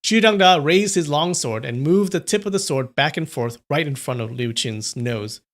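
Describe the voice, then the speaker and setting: A man's voice: a little high, normal speed. Man reading a martial arts novel aloud. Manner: steady reading with small restarts and corrections. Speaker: reader on a livestream.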